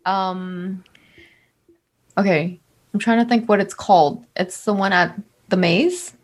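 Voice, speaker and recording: A woman in relaxed casual chat, speaking reflectively. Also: mid-range voice, slow pace.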